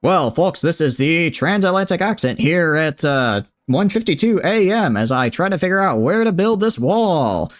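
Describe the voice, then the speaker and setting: A young man voicing an old-timey male radio announcer with a loud, projecting transatlantic accent. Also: on the high side, sing-song, normal speed, hardly any pauses, voice pushed up. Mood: hearty.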